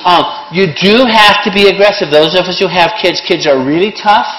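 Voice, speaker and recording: A middle-aged man runs a CPR class, dropping blunt, sarcastic jokes between instructions in a lively way. His voice sits high and moves at a moderate pace. A handheld or worn mic picks him up in an echoey room with faint noise.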